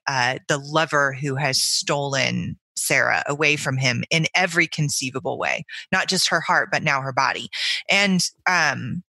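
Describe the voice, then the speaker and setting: A woman's voice: low-pitched, sharp tone, no room sound. A woman co-hosting a book-club podcast, talking in a reflective way and searching for her words. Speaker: podcast co-host. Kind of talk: thoughtful book-club discussion.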